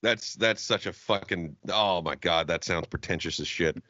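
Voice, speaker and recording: A man's voice: low voice, moderate pace, pushed and bright, no echo. Man, podcast co-host, from Jacksonville, emphatic profane ranting, dull dry recording. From Jacksonville, Florida. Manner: ranting, emphatic, heavy swearing. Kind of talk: casual profane podcast banter.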